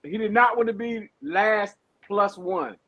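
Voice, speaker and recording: Bright high-voiced laughing man. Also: unhurried, dry recording, highs cut off. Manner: laughs a lot, teasing, excitable. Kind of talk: casual chat.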